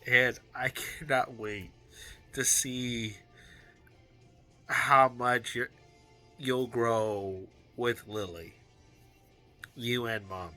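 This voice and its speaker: Slow, bright-voiced man talking earnestly. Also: mid-range voice, steady tone, faint music behind. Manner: halting, with frequent restarts and fillers; earnest and heartfelt. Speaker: vlogger. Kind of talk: personal video journal.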